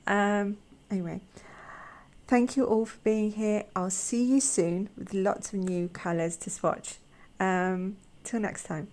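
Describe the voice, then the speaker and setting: A woman hosting an art channel, chatting casually with a croaky voice, gushing and halting with repeated words. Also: medium pitch, fairly even intonation, darkish tone. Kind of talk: casual chat.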